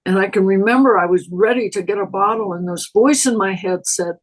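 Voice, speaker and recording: A woman's voice: mid-range voice, fairly quick, few pauses, low-quality recording. Older woman sharing her recovery story. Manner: storytelling, acts out her own past words. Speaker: speaker at a recovery meeting. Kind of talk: personal testimony. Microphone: video call.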